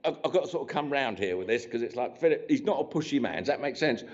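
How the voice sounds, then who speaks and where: A spiritualist medium gives a live demonstration in a church hall, chatting and joking cheekily with the congregation and restarting his sentences often. His mid-range voice is expressive, quick and a little mellow. The lo-fi recording sounds dull.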